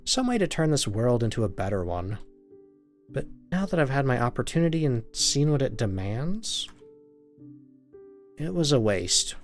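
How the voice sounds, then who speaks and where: A man plays a tired, regretful husband, speaking lower and slower than his own voice. The tone stays quiet and heavy with remorse. Faint music runs underneath. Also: very animated. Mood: subdued.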